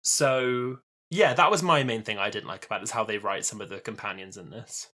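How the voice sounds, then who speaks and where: A man in his twenties co-hosting a podcast, talking in a thoughtful, measured way. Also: on the low side, pushed and bright. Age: 20s. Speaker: podcast co-host. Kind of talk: casual chat.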